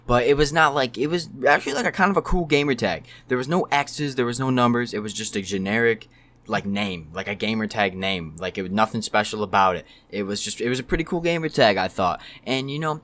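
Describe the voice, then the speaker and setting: A man's voice: medium pitch, a little fast. Young man telling a profane storytime. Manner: profane, rambling and animated. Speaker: storytime YouTuber. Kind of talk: casual storytime narration.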